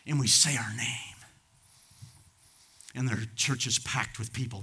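Impassioned bright-voiced pastor in his sixties. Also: mid-range voice, unhurried, slightly rough. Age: 60s. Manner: impassioned, swings from loud outbursts to hushed asides. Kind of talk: sermon.

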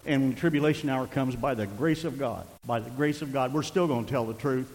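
An older man preaching a sermon as pastor, swinging between emphatic shouting and hushed, conversational asides. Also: mid-range voice, fairly quick, long reverb tail, low-quality recording.

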